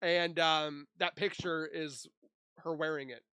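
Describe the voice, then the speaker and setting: A man's voice: a little high, fairly even intonation, slow pace, pushed and bright, clean tone, no echo, studio quality. A man reading through a case timeline and breaking in with sarcastic, scornful asides in casual commentary. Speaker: true crime YouTuber.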